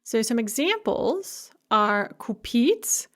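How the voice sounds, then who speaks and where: A woman's voice: fairly high pitch, expressive, measured pace. A woman teaching a recorded language lecture, explaining grammar methodically and carefully pronouncing example words. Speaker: Russian language instructor.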